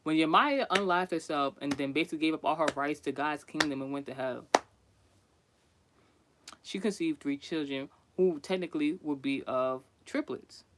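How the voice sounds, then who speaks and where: Vlogger, casual story monologue, swears and laughs a lot, fairly high male voice. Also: normal speed, noisy background. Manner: chatty, profane, laughs often, many restarts.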